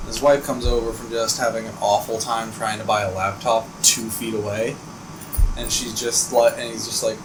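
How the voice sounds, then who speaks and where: A young man co-hosting a podcast, casually telling animated retail-work stories, swearing and acting out customers. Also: on the low side, brisk, background noise. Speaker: podcast co-host. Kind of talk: casual podcast chat, storytelling.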